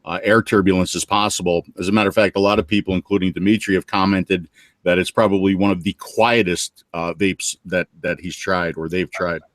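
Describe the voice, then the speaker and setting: A man co-hosting a casual podcast, speaking haltingly with many fillers and cracking jokes. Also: deep voice, steady tone, dry recording. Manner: halting, lots of ums, wisecracking. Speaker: co-host.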